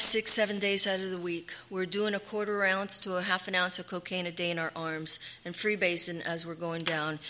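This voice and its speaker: A middle-aged woman telling her own recovery story in a candid, halting way, often dropping to a hushed whisper. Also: lowish voice. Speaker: recovery speaker. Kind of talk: personal testimony.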